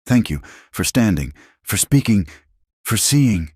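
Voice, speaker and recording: A man voicing a quiet frontier man who speaks solemnly and formally. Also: fairly low pitch, big pitch swings, slow pace, breathy edge, no room sound, studio quality, pitched above the performer's own voice, heavily acted.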